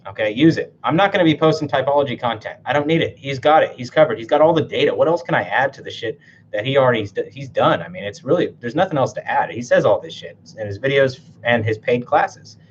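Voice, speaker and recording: A man's voice: medium pitch, expressive, fast. Blunt, foul-mouthed male coach in casual talk to camera; dull lo-fi recording, light hiss. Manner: blunt, swears a lot, tags sentences with "right?". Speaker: typology and NLP coach.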